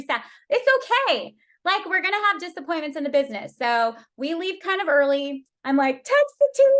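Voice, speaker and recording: Lively woman telling her story. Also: fairly high pitch. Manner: emotional storytelling, lively, with many restarts. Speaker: team leader. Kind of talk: candid talk to her team.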